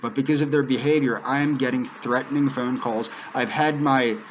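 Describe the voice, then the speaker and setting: A man's voice: medium pitch, fairly even intonation, normal speed, slight background noise, rough recording. A man giving an earnest personal monologue to camera, pleading and repeating himself as he addresses one person directly. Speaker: video creator.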